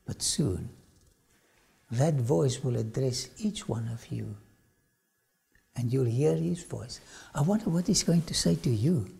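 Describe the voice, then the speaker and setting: A man's voice: mid-range voice, gravelly, dark tone. A man preaching a dramatic sermon-style lecture, often dropping suddenly to a whisper. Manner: slow dramatic delivery with sudden drops to a whisper.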